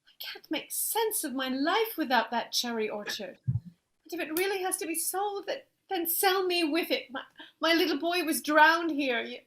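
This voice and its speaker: A woman portrays an aristocratic lady fearing for her family estate, her voice high and full of feeling. She pleads and frets by turns, all in a stage play. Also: lively intonation, moderate pace, fairly bright tone. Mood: pleading. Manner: emotional, pleading.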